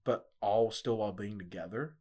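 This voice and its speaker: A man's voice: lowish voice, moderate pace, dark tone, slightly rough. Laid-back young man telling a story. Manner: laid-back storytelling, laughs often, many fillers. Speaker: podcast guest. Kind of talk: casual chat.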